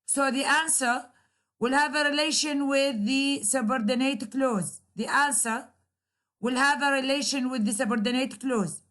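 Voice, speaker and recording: Slow, high-voiced woman lecturing. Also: fairly bright tone. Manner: slow, repetitive explaining with examples. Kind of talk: recorded English grammar lecture.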